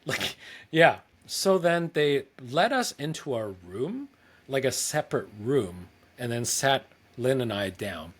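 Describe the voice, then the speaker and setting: A man's voice: medium pitch, sing-song, slow pace, husky. Rambling young man telling a travel story. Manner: rambling, lots of "like", acts out quoted dialogue. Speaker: podcast co-host. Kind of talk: casual storytelling chat.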